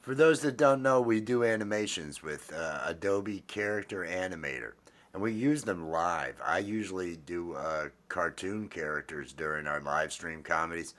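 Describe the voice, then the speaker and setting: Deep-voiced man rambling affectionately. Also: normal speed, a bit bright. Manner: rambling and affectionate, lots of fillers and restarts. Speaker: host. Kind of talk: casual chat.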